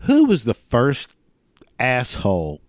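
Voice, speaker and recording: A middle-aged man, ranting in a casual monologue, crude and profane, rambling with halting restarts. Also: medium pitch, wildly swooping pitch.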